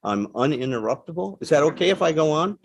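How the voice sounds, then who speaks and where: A man's voice: on the high side, big pitch swings, fast, vocal fry, slightly rough, no room sound. A man giving a lecture to a live audience, speaking in a plain, emphatic, conversational way and often checking in with "right?". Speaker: guest speaker on addiction recovery. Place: talk in front of a seated audience.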